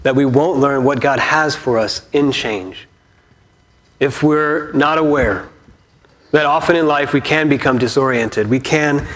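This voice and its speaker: A man's voice: mid-range voice, measured pace, a bit bright. A man preaching a sermon as pastor, conversational and storytelling, posing questions to the congregation.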